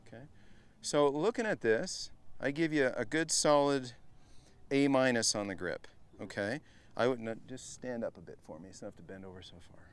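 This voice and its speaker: A middle-aged man coaching a group at a live golf clinic, chatty and energetic, often turning to the group as guys. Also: mid-range voice, normal speed, clean tone. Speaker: golf instructor.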